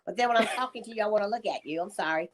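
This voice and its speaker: A woman guest singer chatting casually, telling a story in a warm, chatty way. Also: mid-range voice, racing, a little hiss or hum. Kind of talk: casual interview chat.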